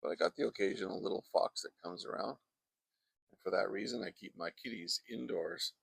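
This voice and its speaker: A man's voice: low voice, brisk, vocal fry, breathy edge, no echo. A man giving a casual painting demonstration outdoors in a backyard, chatting and wandering off into asides as he works, speaking into a close microphone. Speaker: painting instructor.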